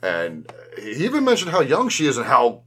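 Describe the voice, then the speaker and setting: A man's voice: mid-range voice, huge pitch swings, normal speed, fairly bright tone, slightly rough. A man hosting a casual podcast, rambling and laughing with lots of restarts. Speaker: podcast host. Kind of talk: casual chat.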